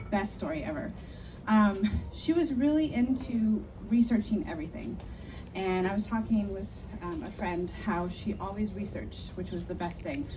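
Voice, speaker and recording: A middle-aged woman, a family friend, telling a chatty story in a memorial speech, recorded from a distance. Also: mid-range voice. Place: memorial gathering. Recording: distant mic, faint background noise.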